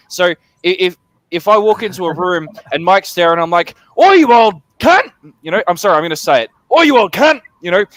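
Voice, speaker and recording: A man's voice: a little high, a bit bright, no room sound. A man with an Australian accent chatting casually on a call, blunt and swearing freely as he explains project updates. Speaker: crypto project developer. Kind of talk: casual video call chat.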